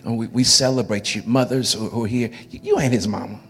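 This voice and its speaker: A man's voice: medium pitch, fairly even intonation, fast, husky. A man preaching to his congregation in church, folksy and joking, often repeating his words. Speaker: pastor. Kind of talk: sermon. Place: church sanctuary.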